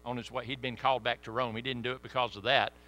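A man preaching a sermon with sudden swings between loud emphasis and hushed asides. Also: mid-range voice, flat delivery, fast, slight background noise.

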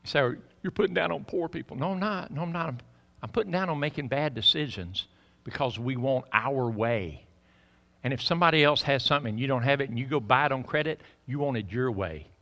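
A man preaching a sermon in a church, folksy and preachy, swinging between loud emphasis and hushed asides. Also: mid-range voice, expressive, a little fast. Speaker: pastor. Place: church sanctuary. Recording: reverberant church hall.

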